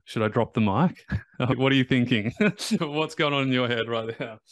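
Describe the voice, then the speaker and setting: A man's voice: medium pitch, normal speed, no room sound. A man hosting a podcast as a recovery coach, talking in an emphatic, motivational way and repeating his key phrases.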